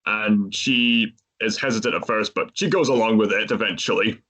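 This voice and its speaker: A man's voice: lowish voice, moderate pace, bright, forceful tone. A man hosting a podcast, retelling a movie's plot in a casual, chatty way and laughing often. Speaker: podcast host.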